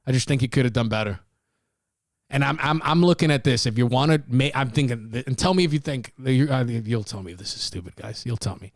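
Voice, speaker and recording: Man, podcast host, casual monologue, gravelly voice, dry close sound. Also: mid-range voice, fast, dry recording. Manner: blunt and profane, rambling with restarts.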